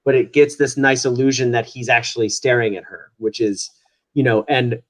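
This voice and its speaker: A man from Wisconsin, telling stories as a guest on a video call, animated and quick to laugh. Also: medium pitch. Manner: animated, laughing, swears casually. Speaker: guest actor. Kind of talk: casual storytelling in an interview.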